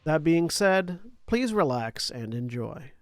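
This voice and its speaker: A man hosting a live-streamed tabletop game as game master, upbeat and quick to laugh. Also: a little high, very animated. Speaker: game master and executive producer.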